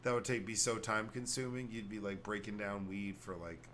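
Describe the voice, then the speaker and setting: Laid-back guy on a podcast, kinda low voice, rambling, laughs a lot. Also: fairly even intonation, normal speed, fairly bright tone, slight background noise. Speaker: podcast host. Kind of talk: casual chat.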